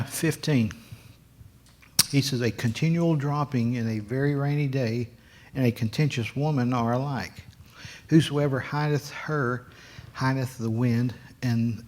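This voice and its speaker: A man leads a Sunday school class in a church classroom, reading verses aloud and then unpacking them in plain, homey terms. His voice sits at an ordinary middle pitch, and he talks in a halting way, full of restarts and fillers. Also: darkish tone. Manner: halting, many restarts and fillers, folksy explaining. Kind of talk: Bible lesson.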